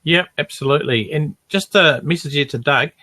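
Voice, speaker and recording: A man from New Zealand co-hosting a beekeeping podcast, upbeat and chatty with quick affirmations. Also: a little high, bright, forceful tone, no room sound. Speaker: podcast co-host. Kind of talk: casual live Q&A chat.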